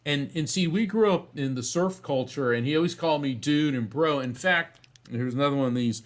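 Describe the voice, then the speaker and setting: A man being interviewed as a psychic medium, telling a story in an animated way and often restarting phrases. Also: fairly high pitch, brisk.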